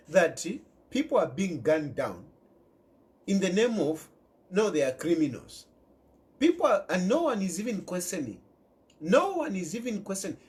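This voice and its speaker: Zambian male commentator speaking straight to camera, insistent and lively in pitch. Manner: emphatic, repeats key phrases, mixes in local words. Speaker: political commentator. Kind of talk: impassioned direct-to-camera commentary.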